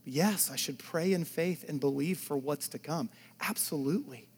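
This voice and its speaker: Preaching at a normal speed, a pastor with a voice on the high side moves from forceful declarations to quiet near-whispers, adding casual remarks to his congregation. Slight background noise is audible.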